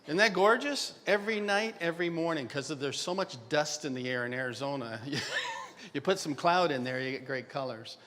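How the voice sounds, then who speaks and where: A man's voice: fairly high pitch, moderate pace, bright, forceful tone, a little hiss or hum. Wry older man lecturing in a hall. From Canada. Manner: wry, self-mocking, chatty with the audience. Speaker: dental radiology lecturer. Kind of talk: joking conference lecture. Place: large conference hall. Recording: reverberant conference hall.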